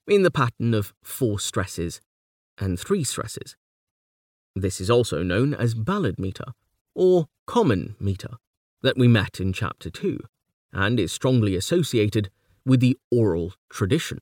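Man narrating an academic text, measured and precise, with an animated voice and a dry sound. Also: medium pitch, dry recording. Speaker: audiobook narrator. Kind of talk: scripted narration of a nonfiction text on poetry.

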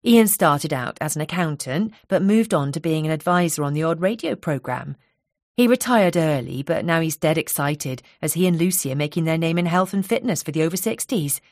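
Woman voicing a young island hairdresser, soft Isle of Wight burr, bubbly, talkative, dry close sound. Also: deep voice, lively intonation, brisk, no room sound. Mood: cheerful.

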